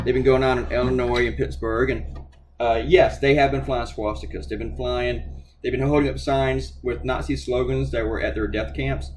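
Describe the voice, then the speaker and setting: Male cartoonist, medium pitch, livestream rant: sarcastic and profane, over soft guitar music. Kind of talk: casual commentary while reading viewer comments.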